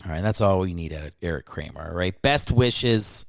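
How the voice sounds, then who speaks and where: A man with a fairly low voice rants on his comedy podcast, swearing and rambling through sports talk. The sound is dry and close, with no room around it. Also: animated, normal speed, vocal fry, no echo. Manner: rambling, profane, riled-up sports rant. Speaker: podcast host. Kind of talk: solo comedy podcast monologue.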